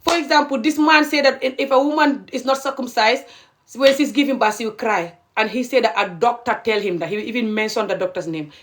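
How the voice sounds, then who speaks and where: A woman's voice: fairly high pitch, brisk. A young adult woman from Gambia giving heated, indignant social commentary to camera, pressing each point with a repeated "okay?". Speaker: video creator.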